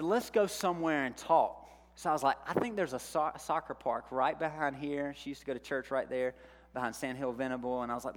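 A middle-aged male youth pastor preaching a sermon, telling a story from his college days in an animated way and acting out his own panic. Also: medium pitch. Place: church sanctuary. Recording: long hall reverb.

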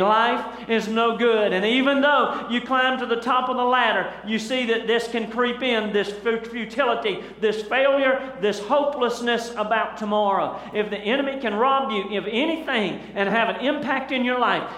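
High-voiced preacher in an echoing church. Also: male voice, fairly bright tone. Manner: fervent preaching with rhetorical questions to the congregation. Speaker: pastor. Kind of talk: sermon. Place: large church hall. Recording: echoey church hall recording.

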